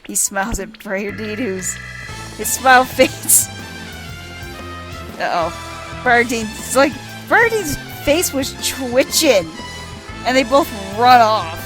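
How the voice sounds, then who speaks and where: A woman casually narrating a video game for blind viewers, laughing often, swearing, and excitedly describing what happens on screen. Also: a little high, takes it slowly, long pauses, over music.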